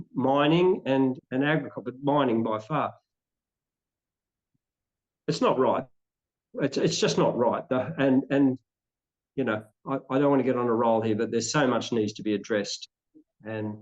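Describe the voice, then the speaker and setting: A man's voice: mid-range voice, a little mellow. Opinionated Australian man, dull lo-fi audio. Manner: opinionated, rambling with frequent restarts. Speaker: interview guest. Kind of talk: conversational interview.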